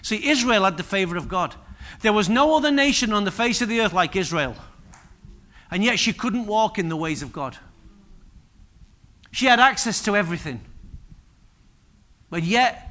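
A man preaching a sermon, acting out biblical speakers with sudden loud bursts. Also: high-pitched, normal speed, pauses often. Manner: energetic preaching, voices biblical figures with sudden loud rises. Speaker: pastor.

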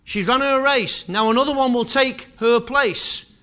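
A man's voice: very high-pitched, a little slow, pushed and bright. A man preaching a sermon with impassioned, repetitive delivery that swells and drops in intensity.

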